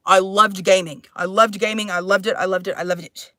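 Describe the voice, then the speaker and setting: A woman's voice: mid-range voice, fairly even intonation, normal speed, sharp tone, no echo, clean studio sound. A woman in her thirties from Texas, with mixed, shifting accents, chatting casually and profanely on a livestream, rambling and sighing often. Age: 30s.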